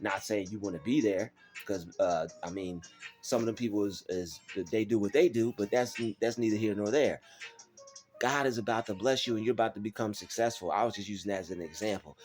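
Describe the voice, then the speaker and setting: Low-voiced guy w/ aave preaching motivation, faint music behind, gets real animated. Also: fairly quick. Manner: preachy, animated, acts out doubters in mocking voices. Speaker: motivational vlogger. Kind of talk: faith-based motivational talk.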